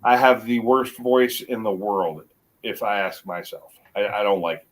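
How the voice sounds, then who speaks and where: A middle-aged man with a mixed American accent, chatting casually as a guest on a livestream and rambling with halting restarts. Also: lowish voice, low-quality recording. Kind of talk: casual chat.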